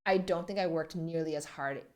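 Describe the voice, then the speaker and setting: A young woman in her twenties speaks as a podcast guest, her voice sitting low. She talks in a soft, reflective way, pausing often and leaning on fillers as she thinks aloud. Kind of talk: podcast interview.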